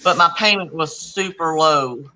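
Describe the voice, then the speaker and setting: A woman with a very bright, edgy voice chats casually as host. She tells her stories in an animated way and plays out each quoted line with its own voice. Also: sits low, unhurried, a little hiss or hum, rough recording. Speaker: channel host. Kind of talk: casual chat.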